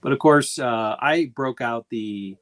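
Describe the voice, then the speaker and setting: A man's voice: medium pitch, unhurried, a bit bright. A man co-hosting a casual talk show, dry and teasing as he tells stories. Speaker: podcast co-host. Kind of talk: casual chat.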